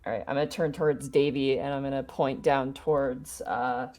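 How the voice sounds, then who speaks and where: A woman taking part in a tabletop role-playing session with a notably low voice. She talks eagerly and chattily while declaring her actions. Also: fairly even intonation, normal speed, dark tone. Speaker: player.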